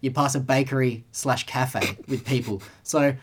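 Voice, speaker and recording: A man's voice: medium pitch, steady tone, unhurried, breathy edge. A young man with an Australian accent telling a long rambling story as a podcast co-host, casual and sweary. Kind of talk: casual chat.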